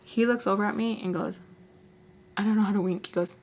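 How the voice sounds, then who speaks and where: This storyteller vlogger is a young woman chatting to her camera, acting out what people said and leaning heavily on "like." She talks a little fast in a steady, mid-range voice that's a little mellow. A faint hiss or hum runs under the audio.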